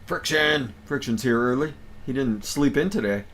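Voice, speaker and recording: A man's voice: medium pitch, normal speed, a bit bright, slight background noise. A man hosting a casual livestream, upbeat and greeting his viewers one by one. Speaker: livestream host.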